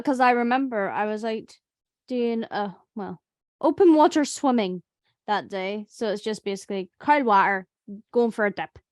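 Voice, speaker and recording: A woman's voice: fairly high pitch, no room sound. A young woman, telling stories in a casual group chat about voice acting. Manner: chatty storyteller, animated quoting. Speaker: voice actor.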